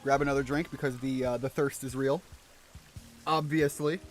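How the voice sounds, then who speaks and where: A man narrates his gameplay in a casual let's-play stream, rambling with fillers and self-deprecating comments. He speaks at a normal speed in a steady, mid-range voice, with soft music in the background.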